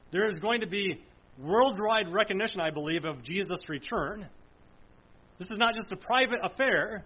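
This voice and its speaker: A man's voice: high-pitched, pushed and bright, breathy edge. A man preaching verse by verse, explaining scripture, asking questions and answering them himself, with firm emphasis. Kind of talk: verse-by-verse Bible teaching. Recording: dull lo-fi sound.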